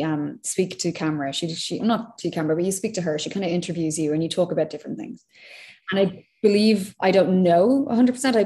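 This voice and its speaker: Irish woman, low pitch, mellow tone, chatty anecdotes, interview guest. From Ireland. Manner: chatty storyteller, laughs often. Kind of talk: casual interview chat.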